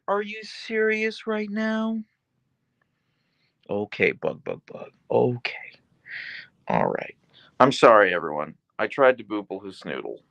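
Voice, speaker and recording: A man's voice: low voice, creaky, a bit bright, muffled recording. A man hosting a casual live stream from his phone, reading viewer comments aloud and chatting to his dogs in an easygoing way. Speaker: livestream host.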